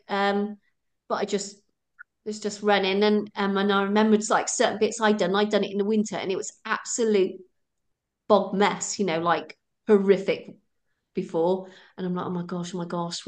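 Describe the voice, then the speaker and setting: Chatty lady, middle-aged, laughs a lot telling her race story. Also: mid-range voice. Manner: chatty, laughs often, acts out her own thoughts. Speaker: ultra runner guest. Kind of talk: casual storytelling interview.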